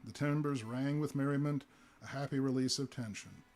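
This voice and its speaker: A man's voice: mid-range voice, fairly even intonation, a little mellow. Man reading a story aloud. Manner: deliberate storytelling with occasional fillers. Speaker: reader.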